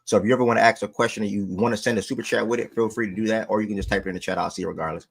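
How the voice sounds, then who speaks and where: A man's voice: fairly low pitch, steady tone, racing, creaky. A man hosting a sports livestream, talking to his chat in loose, slangy casual speech. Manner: loose slangy talk, breaks off to call his dog.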